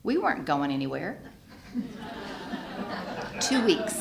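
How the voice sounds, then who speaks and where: A woman's voice: low voice, slow, gravelly, a crowd in the background. A woman, speaking at a recovery fellowship gathering and telling her own story, acting out the voices of the people in it. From Texas. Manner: lively storyteller who acts out quoted dialogue. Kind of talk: personal storytelling talk. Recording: roomy hall recording with faint background noise.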